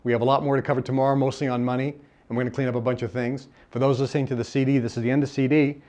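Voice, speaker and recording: A man's voice: mid-range voice, little pitch movement, rapid-fire, a little mellow. A man giving a live seminar lecture, emphatic and repeating his key phrases, sometimes acting out bits of dialogue. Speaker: seminar speaker.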